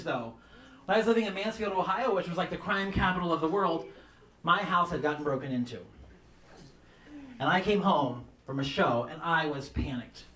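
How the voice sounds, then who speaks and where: A man doing a stand-up comedy set, telling campy stories about his mother and mimicking her in a shrill voice, with audience laughter behind him. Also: a bit bright. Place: comedy club stage. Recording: roomy club sound from some distance.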